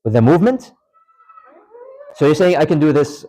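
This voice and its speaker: A man's voice: a little high, animated, brisk, pauses often, dark tone, poor audio. A man teaching an interactive religious studies class in a mosque, quizzing students and repeating key points for emphasis. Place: mosque lecture hall.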